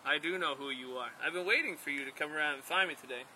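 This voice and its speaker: A man voicing a calm, kindly male creator spirit who speaks patiently in a told story. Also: a little high, slight background noise, rough recording. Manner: gentle, patient, unhurried.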